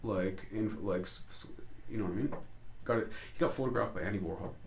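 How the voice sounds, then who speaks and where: A man's voice: lowish voice, fairly quick. A man, a street photographer, telling stories loosely in an interview and swearing a lot. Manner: loose, swearing, animated storytelling. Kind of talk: casual storytelling interview. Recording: echoey room with faint noise.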